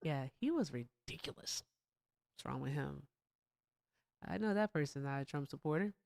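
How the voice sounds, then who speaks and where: A woman's voice: low-pitched, expressive, normal speed, creaky, a little mellow. A woman hosting a casual livestream, playful and teasing, laughing often as she quizzes callers. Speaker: livestream host.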